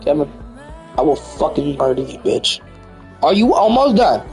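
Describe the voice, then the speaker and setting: A young man playing a football video game, yelling profane, hot-tempered trash talk at his opponent. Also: on the high side, sing-song, normal speed, vocal fry, faint music behind. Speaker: gamer streamer. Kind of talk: casual gaming chat.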